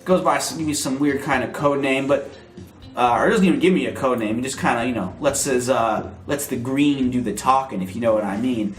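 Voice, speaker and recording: A man's voice: medium pitch, brisk, soft background music, close to an everyday voice. A man playing a cocky young crocodile hired hand, talking in a laid-back, slangy drawl, with a roomy echo. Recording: roomy echo, faint noise.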